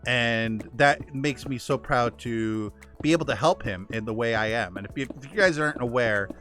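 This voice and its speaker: A man's voice: medium pitch, moderate pace, fairly bright tone, faint music behind. A man streaming a game, chatting casually and praising friends, with frequent restarts. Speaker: gaming streamer. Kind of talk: casual chat.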